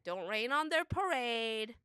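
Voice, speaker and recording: A woman in her thirties co-hosting a podcast, chatting bluntly, swearing freely and acting out her family in loud bursts. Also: a little high, animated, unhurried, clean tone, dry recording. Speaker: podcast co-host. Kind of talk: casual chat.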